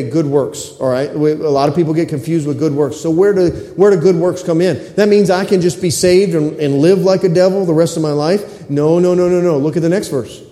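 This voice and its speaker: A man's voice: fairly high pitch, warm tone. A middle-aged male pastor preaching a sermon in a church, emphatic and repetitive, often asking the congregation to respond. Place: church sanctuary. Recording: echoey hall reverb.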